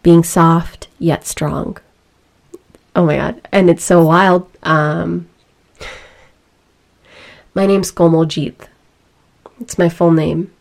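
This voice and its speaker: A young adult woman giving a reflective, emotional personal talk, earnest and deliberate. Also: fairly low pitch, fairly even intonation, creaky, darkish tone.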